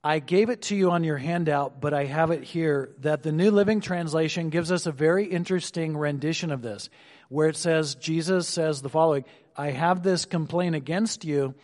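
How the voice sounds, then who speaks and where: A male pastor preaching an expository sermon, slowing down to stress points and dropping his voice on asides. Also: a little mellow. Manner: expository, slows for emphasis, drops low on asides. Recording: long hall reverb.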